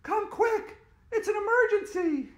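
A bossy, know-it-all schoolgirl barks orders in a shrill, high voice, put on by a man reading aloud. The pitch leaps around wildly. The room around the voice is roomy and echoing. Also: animated, unhurried. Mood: shouting. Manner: shrill shouting. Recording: roomy echo.

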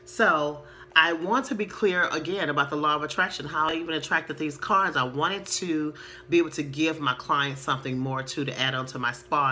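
A woman who works as a therapist, casually teaching about the law of attraction and reading affirmations slowly and earnestly. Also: very deep voice, pushed and bright, a little hiss or hum. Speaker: sex therapist and spa owner. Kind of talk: casual spiritual teaching to camera.

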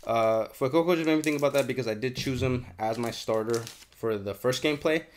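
Profane, excitable young man with a stuffy nose. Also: medium pitch, a little fast, a little hiss or hum. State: congested, sniffly. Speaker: card unboxing channel host. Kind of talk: casual unboxing chat.

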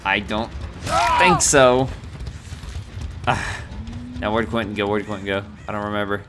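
Excitable man commentating his own gameplay. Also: on the low side, brisk, very noisy. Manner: excitable, talks to himself while playing. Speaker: gaming streamer. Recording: game music loud behind.

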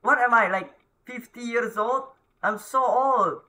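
Jumpy high-voiced man yelling at a game. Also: unhurried. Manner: jumpy, yells and pleads at the ghost. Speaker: gaming YouTuber. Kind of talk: horror let's-play commentary.

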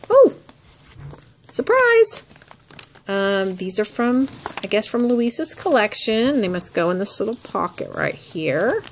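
Slow-talking gushing woman crafter. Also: medium pitch, a little hiss or hum. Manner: gushing, admiring, chatty. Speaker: crafting vlogger. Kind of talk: casual unboxing chat.

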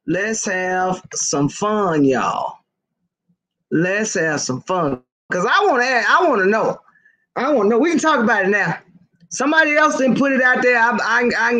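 A woman's voice: fairly high pitch, fairly bright tone. A woman hosting a casual live stream, gossiping, laughing often and calling out to her viewers.

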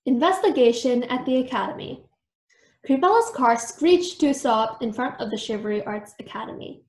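A woman reading a children's book aloud in an expressive, animated way, recorded in a roomy space. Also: a little high, moderate pace. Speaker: storytime reader. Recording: roomy echo.

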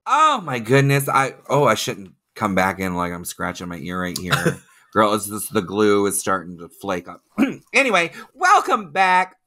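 A man's voice: on the low side, big pitch swings, pushed and bright. A man from the American South hosting a casual podcast chat, chatty and joking. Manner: chatty, campy, quick to joke. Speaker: podcast host. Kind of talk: casual chat and read sponsor ad.

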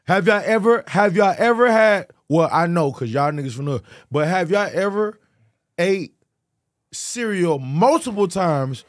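A man chatting as a podcast guest, telling animated stories full of restarts and repeated phrases. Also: high-pitched, unhurried, no room sound, studio quality. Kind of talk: casual podcast chat.

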